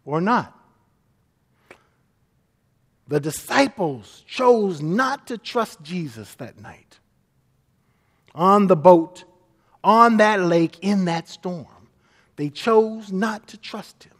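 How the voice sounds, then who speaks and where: A man's voice: high-pitched, sing-song, takes it slowly, big-room sound. A man preaching a sermon as pastor, earnest, and often acting out the people he quotes.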